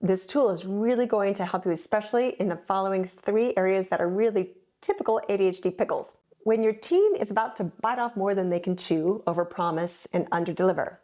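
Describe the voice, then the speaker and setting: Woman, ADHD coach, clear instructive delivery, measured pace, middle pitch. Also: lively intonation, mellow. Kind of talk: scripted educational talk.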